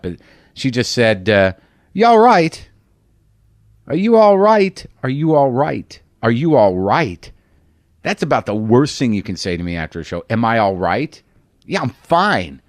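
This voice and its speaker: A man's voice: on the low side, no room sound, studio quality. A middle-aged man hosting a podcast, telling stories in a rambling, candid, profane and self-mocking monologue. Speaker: podcast host. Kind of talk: monologue storytelling.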